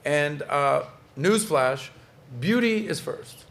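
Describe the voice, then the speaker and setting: A man's voice: a little high, animated, slow, fairly bright tone. A man hosting a casual podcast chat, upbeat and joking as he steers the talk. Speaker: podcast host.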